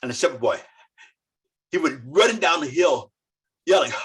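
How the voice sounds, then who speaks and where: A storyteller telling folk tales slowly and dramatically over a video call. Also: expressive, husky. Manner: slow, dramatic, with sweeping pitch. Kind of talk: oral folk tale telling.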